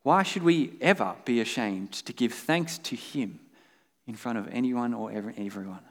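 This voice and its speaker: A man's voice: medium pitch, moderate pace. Earnest male pastor preaching in a reverberant hall. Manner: earnest preaching, rhetorical questions, emphatic rises. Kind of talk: sermon.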